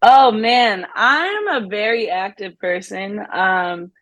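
A young woman talks casually about her acting work, upbeat and quick to laugh, her speech full of "like" and "um". Her pitch sits in the middle range. The recording is dry and close. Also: animated, a bit bright, dry recording. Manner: upbeat, laughs often, many fillers like "like". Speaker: guest actress. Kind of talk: casual interview chat.

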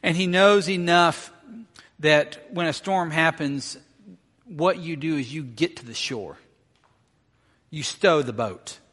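This is a sermon from a middle-aged male pastor, whose slightly high, fairly bright voice moves slowly and pauses often. In a hall with long reverb, he tells a story and performs the quoted lines with rising intensity.

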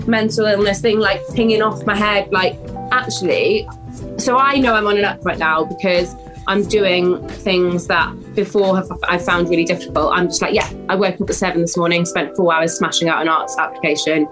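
A woman, a podcast guest talking in a lively, emotional, animated way. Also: lowish voice, moderate pace, music in the background, low-quality recording. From West Wales. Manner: animated, emotional, acts out voices in stories. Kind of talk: casual podcast chat.

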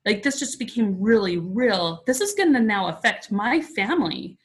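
A woman's voice: mid-range voice, big pitch swings, normal speed. Chatty woman in her forties, earnest. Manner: earnest, chatty, frequent "like" fillers. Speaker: podcast guest. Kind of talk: personal storytelling in conversation.

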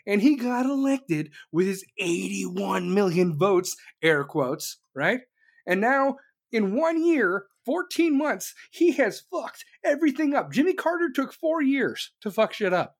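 A commentator delivering an angry, sarcastic political rant full of swearing, speeding up in bursts and slowing down to hit a point. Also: medium pitch, expressive. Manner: jumps between fast bursts and slow emphasis.

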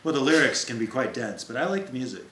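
An American man hosting casual radio banter, teasing and quick to laugh. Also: mid-range voice, animated, bright, forceful tone. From United States. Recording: echoey room with crowd noise.

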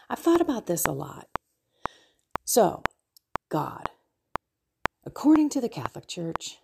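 A woman's voice: on the low side, gravelly, background noise. A middle-aged woman sharing a heartfelt personal reflection on faith and trust, speaking earnestly to her viewers. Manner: earnest, heartfelt, slow and soft at times. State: tearful at moments. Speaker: faith coach and host. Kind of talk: personal spiritual reflection to camera.

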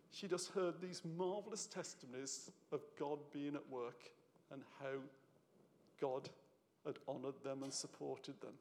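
A man's voice: fairly high pitch, a little mellow. A man preaching a sermon in church, chatty and conversational, often checking in with "yeah?" and at times moved. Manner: conversational, tag questions, gets emotional. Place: church hall. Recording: long hall reverb.

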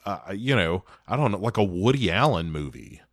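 A man's voice: lowish voice, expressive, moderate pace, dry recording, studio quality. A man co-hosting a casual podcast about movies, rambling with many restarts and fillers. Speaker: podcast co-host. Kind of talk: casual movie review chat.

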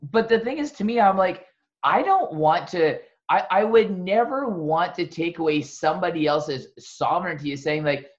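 A man's voice: high-pitched, expressive, moderate pace. A man in his thirties talking in casual conversation, blunt and emphatic, swearing. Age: 30s. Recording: muffled lo-fi audio.

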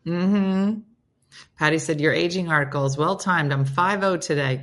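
A woman's voice: low voice, moderate pace, fairly bright tone. A woman hosting a casual morning livestream, chatting playfully with viewers and her dog. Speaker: livestream host. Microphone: phone.

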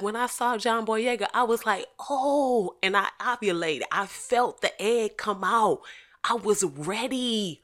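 Woman host. Bright, forceful, profane comic rant with big volume swings. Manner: profane, animated, swings from loud shouting to low asides. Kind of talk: casual comedic rant.

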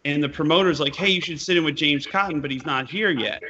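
Chatty guy hosting, kinda high bright voice, slangy muso talk. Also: fast. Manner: chatty, uses musician slang. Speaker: interviewer and blues musician. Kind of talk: casual conversational interview. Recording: dull lo-fi sound with faint noise.

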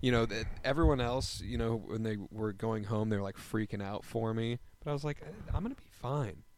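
A man chatting casually and telling an animated story, laughing often. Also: lowish voice, fairly quick. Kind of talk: casual chat.

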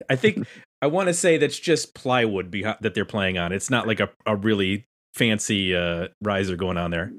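A man's voice: on the low side, moderate pace, fairly bright tone. A man hosting a casual podcast roundtable, chatty and self-deprecating as he introduces guests. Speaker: podcast host.

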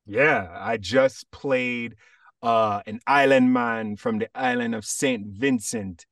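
A man from Jamaica, an actor guest chatting casually on a podcast, telling stories in a relaxed way with animated asides. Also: mid-range voice, slow, no room sound, clean studio sound, distant mic.

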